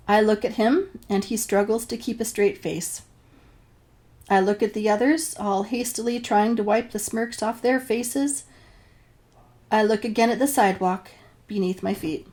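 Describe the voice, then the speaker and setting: A woman's voice: medium pitch, unhurried, a little mellow. A woman from New Hampshire telling a personal story to the camera, wry and self-deprecating. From New Hampshire, USA. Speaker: vlogger.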